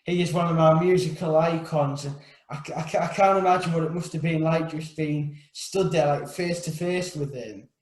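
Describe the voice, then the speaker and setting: A man hosting a podcast interview, a bit halting as he starts his questions. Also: on the high side, echoey room, low-quality recording. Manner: halting, repeats words when starting. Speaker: podcast host. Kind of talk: casual interview chat.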